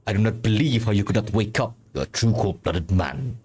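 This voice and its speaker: A man's voice: fairly low pitch, animated, brisk, darkish tone, breathy edge. A man voicing a stern ship officer with a put-on Russian accent, reading game dialogue on a live stream with a menacing, questioning drawl. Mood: accusing.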